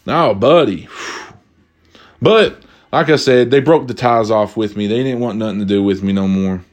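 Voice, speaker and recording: A young man telling a comedic story casually, profane and animated, jumping from high exclamations to low asides. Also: moderate pace. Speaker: vlogger.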